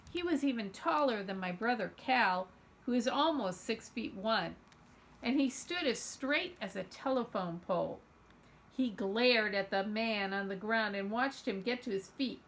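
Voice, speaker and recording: Storytime reader: woman, bright and high-ish, expressive children's book narration. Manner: expressive first-person storytelling. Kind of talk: reading a children's novel aloud.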